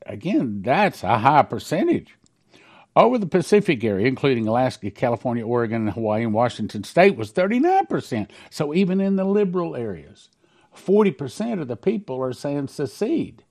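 A man's voice: fairly high pitch, very animated, fairly quick, vocal fry, darkish tone. A man hosting a talk show, reading prophecies aloud and commenting on them in an emphatic, preachy way. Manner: emphatic, preachy, stresses key numbers.

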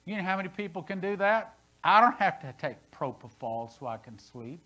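A man in his sixties preaching a sermon as pastor, with dramatic swings between loud and hushed delivery. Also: high voice, sing-song, moderate pace, poor audio. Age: 60s. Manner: dramatic preaching, voice rising and falling sharply. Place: church sanctuary.

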